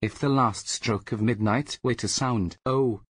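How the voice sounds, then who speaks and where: A man reading a fairy tale aloud as storyteller, slow and deliberate. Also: fairly low pitch, slightly rough, dry recording.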